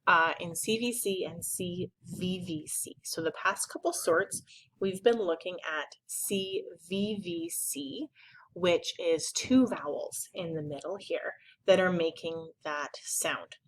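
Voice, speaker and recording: A woman's voice: lowish voice, slow, poor audio. A young woman teacher patiently explaining a phonics spelling sort, stretching out vowel sounds to model them.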